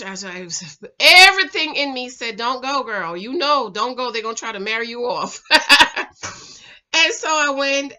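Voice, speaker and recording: A woman's voice: mid-range voice, pushed and bright, lo-fi sound. A woman in her forties with a Jamaican accent, chatting emphatically in a casual vlog and laughing often. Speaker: vlogger and relationship mentor. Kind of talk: casual chat.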